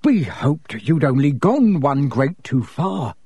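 A man voicing an excitable middle-aged wizard father, slow and eager in his speech. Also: medium pitch, breathy edge, dry recording. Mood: anxious.

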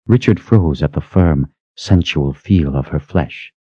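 A man narrating an audiobook in a measured, even storytelling manner, close to the mic. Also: a bass voice, breathy edge, no room sound, muffled recording. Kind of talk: scripted narration.

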